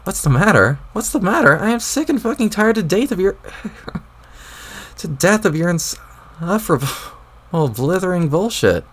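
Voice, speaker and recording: A man's voice: fairly high pitch, sing-song, fairly quick, vocal fry, breathy edge, pitched above the performer's own voice, full character voice. A man doing a fed-up, scolding young woman. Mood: furious. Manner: sharp, scolding, sarcastic. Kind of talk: reading a webcomic aloud.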